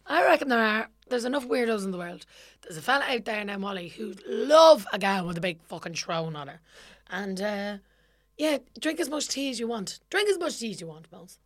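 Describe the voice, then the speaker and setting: Lively Irish woman, sweary and emphatic. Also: medium pitch, brisk. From Ireland. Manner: swears a lot, animated and emphatic. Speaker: podcast co-host. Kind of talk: casual chat.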